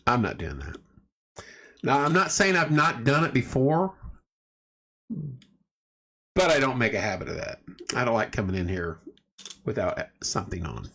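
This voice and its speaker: A man's voice: mid-range voice, big pitch swings, normal speed, pauses often, a bit bright, a little hiss or hum. Chatty man on a livestream. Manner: chatty, rambling storyteller greeting viewers. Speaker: livestream host. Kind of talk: casual livestream chat. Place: home room at night.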